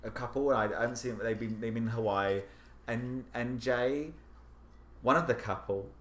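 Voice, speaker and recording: A young man co-hosting a podcast, telling gossipy stories in casual chat, animated and swearing freely. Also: medium pitch, measured pace. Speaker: podcast co-host. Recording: echoey room with faint hiss.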